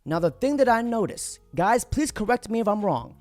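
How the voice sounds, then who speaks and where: Indignant woman with a lively pitch. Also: moderate pace, music in the background. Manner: indignant, emphatic, addresses viewers directly. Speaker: political commentary host. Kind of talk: opinion commentary video.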